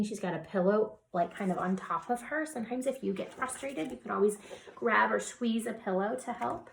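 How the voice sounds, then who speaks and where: A woman teacher reading a picture book aloud to young children, gentle and soothing with soft whispered asides. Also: medium pitch, normal speed, creaky.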